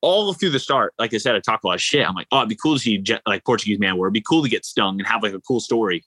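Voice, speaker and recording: A man, an endurance athlete, telling stories in a casual interview, animated and rambling with lots of fillers. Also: lowish voice, very fast, breathy edge, no echo, rough recording. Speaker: ultra-endurance athlete guest.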